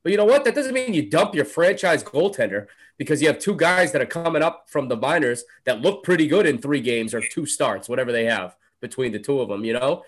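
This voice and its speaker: A man's voice: medium pitch, expressive, fairly quick, few pauses. A man co-hosting a casual sports talk show, laying out firm opinions in an argumentative way. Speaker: podcast co-host.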